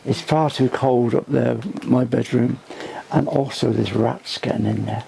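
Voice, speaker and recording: Older man, very gravelly, dark mellow tone, tired, halting delivery. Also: mid-range voice, steady tone, slight background noise. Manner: halting, restarts mid-sentence. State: tired, voice fading. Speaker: inn owner giving a tour. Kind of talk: rambling casual talk. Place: old inn, indoors.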